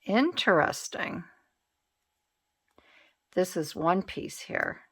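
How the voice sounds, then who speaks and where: A woman narrates her crafting at an unhurried pace, thinking aloud and second-guessing her choices. Her voice sits a little low and carries a gravelly fry, with a relaxed, casual delivery. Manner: thinking aloud, hesitant and musing. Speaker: craft channel host.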